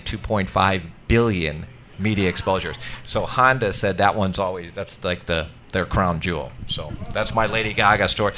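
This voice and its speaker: Man telling a rambling story, bright voice. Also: low voice, slight background noise. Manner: rambling, self-interrupting anecdotes. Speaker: guest. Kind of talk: casual storytelling.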